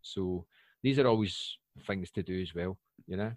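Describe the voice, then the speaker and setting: A Scottish man in his forties, a podcast guest chatting casually and breaking into loud, animated asides. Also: low voice, moderate pace, no echo. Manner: animated storyteller, bursts up loudly for asides.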